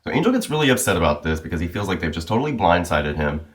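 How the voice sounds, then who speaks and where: Low-voiced man chatting casually. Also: very animated, racing. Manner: loose and chatty, full of "like" and "you know". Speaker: comic book reviewer. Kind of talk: casual recap chat.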